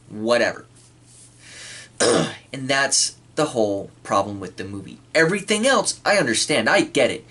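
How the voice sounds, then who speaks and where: A man giving a casual spoken film review, clearing his throat often and acting out quoted lines. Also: mid-range voice, lively intonation, fairly quick, fairly bright tone. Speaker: movie reviewer.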